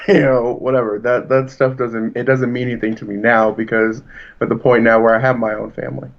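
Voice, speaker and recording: A man in his thirties talks through personal stories in an earnest, reflective way, his voice sitting at an ordinary middle pitch. This is a casual podcast chat. The recording is a little dull and lo-fi. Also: little pitch movement, brisk, vocal fry. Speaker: podcast co-host.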